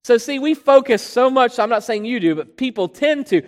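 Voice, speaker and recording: An emphatic preacher delivering a scripture sermon at a mid pitch. Key words are stretched out slowly before the pace picks up again. The voice rings with the long reverb of a hall. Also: very animated.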